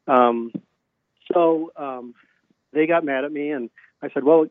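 A man's voice: fairly high pitch, slow, dry recording. A man, a self-published author, chatting as an interview guest in rambling anecdotes full of fillers, acting out the dialogue he quotes. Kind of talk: casual storytelling interview. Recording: dry, tinny phone-like line.

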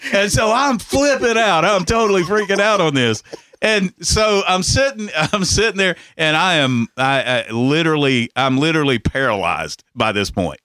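Animated bright-voiced man telling a story. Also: a little high, normal speed, no room sound. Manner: animated, laughing, profane, repeats himself. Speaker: podcast host telling a story. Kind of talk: casual storytelling chat.

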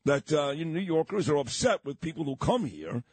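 A man's voice: a little high, sing-song, darkish tone, husky, dry recording. A man hosting a morning radio talk show, ranting with fiery energy and laughing often. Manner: fired-up, ranting, quick to laugh.

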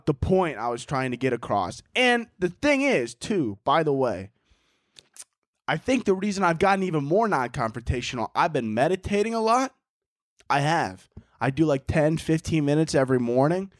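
Young man, podcast host, high voice, very lively pitch, profane storytelling, dry close sound. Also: no room sound. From Chicago. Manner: animated, profane, acts out the people in his stories.

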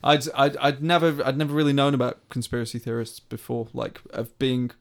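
A man's voice: medium pitch, steady tone, fairly quick. Man, casual rambling podcast chat, restarts often, swears. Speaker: podcast co-host.

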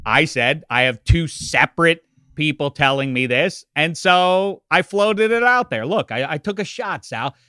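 A middle-aged man co-hosting a sports talk show, joking wryly at his own expense with halting restarts. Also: a little high, lively intonation, bright, forceful tone, no room sound, studio quality. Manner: wry, self-mocking, halting restarts. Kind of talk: casual sports banter.

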